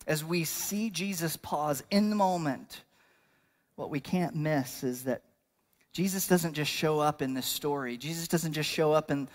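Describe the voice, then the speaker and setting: A male pastor delivering a sermon in a conversational style, building to bursts of emphasis. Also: a little high.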